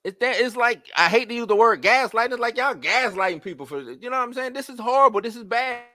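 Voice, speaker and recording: Live-stream host, man, bright high voice, exasperated rhetorical rant, dry close sound. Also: quick pace, no echo. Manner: animated, rhetorical questions, exasperated. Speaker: host of a live movie-news show. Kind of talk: casual live-stream commentary.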